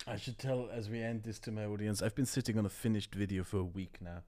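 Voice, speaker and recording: A man's voice: on the low side, steady tone, quick pace, dark tone. A man with a German accent chatting casually as a podcast co-host, rambling with fillers. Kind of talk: casual political chat. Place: Vienna.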